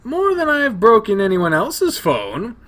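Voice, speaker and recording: A man's voice: high-pitched, wildly swooping pitch, a little slow, a bit bright, pitched above the performer's own voice, full character voice. Leo, a man doing a hot-headed furry guy. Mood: defensive. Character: hot-tempered young male furry roommate.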